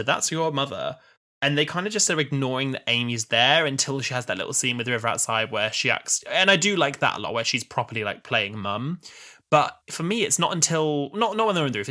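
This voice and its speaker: Bright-voiced enthusiastic man in his twenties. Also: mid-range voice. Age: 20s. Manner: enthusiastic, laughs often, many "like"s. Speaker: podcast co-host. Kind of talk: casual chat.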